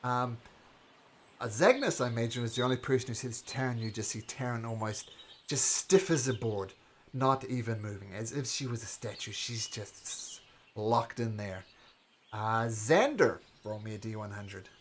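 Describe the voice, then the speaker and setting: A man's voice: medium pitch, normal speed, noisy background. A man narrating a tabletop game as game master, with lots of fillers and hesitations.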